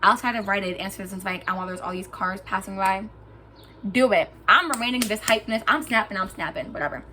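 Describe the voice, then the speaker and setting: A young woman tells a personal story straight to camera with a bright, forceful voice. She talks in an animated, emphatic way and gets heated. A faint hum sits behind her in the room. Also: mid-range voice, fast talker. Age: young adult. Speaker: vlogger. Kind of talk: storytime vlog.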